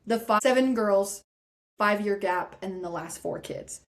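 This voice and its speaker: A woman guest on a podcast, telling a story in a lively way and acting out the voices of people she quotes. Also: mid-range voice, unhurried. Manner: animated, acts out quoted voices. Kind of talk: casual storytelling interview.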